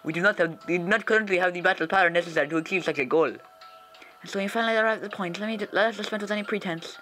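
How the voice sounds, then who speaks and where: A man voicing the composed female chief of a secret police unit, speaking softly in a measured, formal way. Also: sits high, soft background music.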